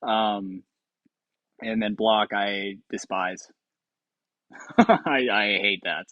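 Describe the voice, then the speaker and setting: A mobile game video creator giving casual gameplay commentary, chatty, swearing freely and breaking into loud laughing outbursts. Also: low voice, drawn-out words, pauses often, no echo, dull audio.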